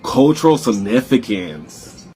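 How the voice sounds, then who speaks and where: Man, scripted explainer narration, deliberate, lively pitch, faint background noise.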